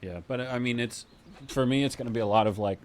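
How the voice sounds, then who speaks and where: A man's voice: mid-range voice, fast talker, a little hiss or hum. A man streamer chatting casually with his viewers, rambling along and laughing often.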